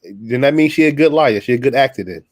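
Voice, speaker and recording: A man's voice: medium pitch, expressive, fast. A man guesting on a casual film talk, joking and restarting his sentences in loose, informal speech. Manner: joking, repeats himself, loose informal grammar. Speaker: guest comedian. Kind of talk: casual chat.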